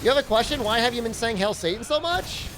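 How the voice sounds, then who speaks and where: Over a noisy background, a woman with a slightly high voice talks fast while streaming a game. Her live-stream chatter is playful and energetic, and she responds to her chat out loud.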